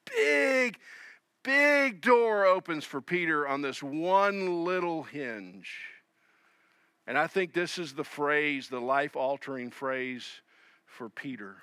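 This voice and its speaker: A man preaching with a bright, slightly high voice. He acts out the people in his text, pushing hard on key phrases and then dropping to soft, low asides. The sound is dry and close. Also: takes it slowly, clean tone, no room sound. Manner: animated, acts out voices of Jesus and Peter; swings between loud emphasis and soft low asides. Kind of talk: sermon.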